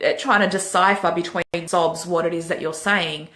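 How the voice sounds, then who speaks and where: Frank Australian woman, low voice, echoey room. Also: moderate pace, hardly any pauses. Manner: frank, lively, laughs at herself. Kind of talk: casual spiritual advice vlog.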